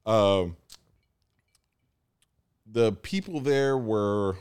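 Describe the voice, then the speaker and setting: A man's voice: fairly low pitch, animated, very slow, darkish tone, smooth. A young American man telling a story in casual chat, acting out the people he quotes. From United States.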